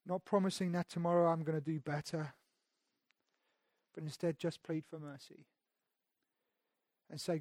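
High-voiced man preaching with dry sound. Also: fairly even intonation, normal speed, long pauses, no echo. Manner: preaching with dramatic swings between loud emphasis and hushed intimacy; repeats words and restarts phrases. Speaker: pastor. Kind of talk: sermon.

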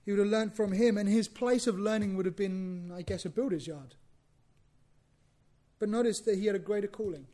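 A man preaching a sermon, lively and conversational, acting out bits of dialogue and repeating words as he goes. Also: high-pitched, brisk. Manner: animated, acts out biblical dialogue, repeats himself.

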